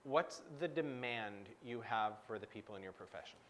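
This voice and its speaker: A man's voice: fairly low pitch, moderate pace, fairly bright tone, slight background noise. A man coaching a guest on a live stream, reflecting back what she says and asking probing questions.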